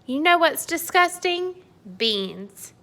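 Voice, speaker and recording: A woman voicing a huge, grumpy male giant who grumbles and blusters loudly in a storybook read-aloud. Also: fairly high pitch, very animated, takes it slowly, exaggerated voice. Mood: blustering. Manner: loud, grumbling complaints.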